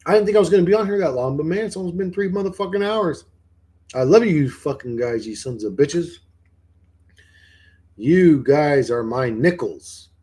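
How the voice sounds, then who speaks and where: A man's voice: a little high, expressive, normal speed, mellow, slightly rough. A man livestreaming who rambles, swears freely and keeps firing questions back at his chat in casual talk.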